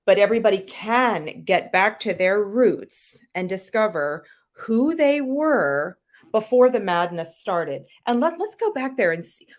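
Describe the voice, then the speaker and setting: Animated woman telling her story. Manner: animated, emphatic storytelling with sudden pitch jumps. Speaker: guest, health coach and author. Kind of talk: podcast interview storytelling.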